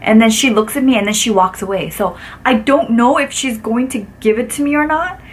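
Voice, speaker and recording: A woman in her thirties telling a story in a casual vlog, lively and full of "like" fillers, acting out what people said. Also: on the high side, fairly quick, a little hiss or hum. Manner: animated, acts out quotes with lots of "like" fillers. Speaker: vlogger.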